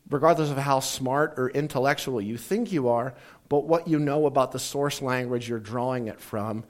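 A man giving a casual teaching talk, rambling through stories and acting out little bits of dialogue with jokes. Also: mid-range voice. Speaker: speaker teaching about Bible translation.

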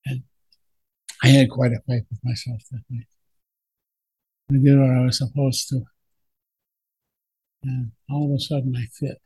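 A man's voice: mid-range voice, dark tone, husky, dry recording, poor audio. An older man, a veteran, reflectively recalling his wartime service in a plainspoken oral history telling.

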